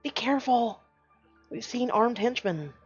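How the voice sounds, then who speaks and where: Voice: mid-range voice, lively intonation, unhurried, husky, muffled recording, soft background music, pitched above the performer's own voice. Weak pleading captive mermaid, as a game reader puts her on. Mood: urgent pleading. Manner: urgent, fearful warnings.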